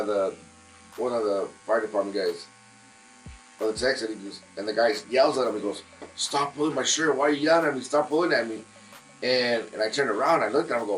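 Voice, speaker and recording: A man's voice: fairly low pitch, a bit bright, low-quality recording. A man, a guest musician in casual chat in a barbershop, telling a long story with many fillers and restarts.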